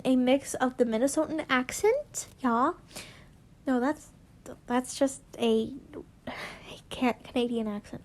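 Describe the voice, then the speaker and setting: A woman's voice: fairly high pitch, darkish tone. A young woman reading fan fiction aloud, giggly and self-interrupting, often stumbling over words and breaking off to chat.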